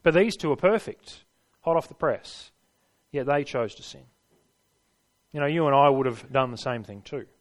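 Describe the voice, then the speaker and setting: Man preaching an emphatic, measured sermon. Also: mid-range voice, lively intonation. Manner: measured, emphatic, repeats phrases for rhythm.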